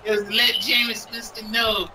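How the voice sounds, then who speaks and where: A man's voice: sits high, level tone, normal speed. A man in casual, profane, joking chat while playing a video game. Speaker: gamer. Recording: distant mic with game crowd.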